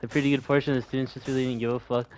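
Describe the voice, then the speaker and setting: A man's voice: mid-range voice, little pitch movement, racing, darkish tone. Laid-back young male streamer. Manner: loose and laid-back, swears casually. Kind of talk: casual gameplay chat.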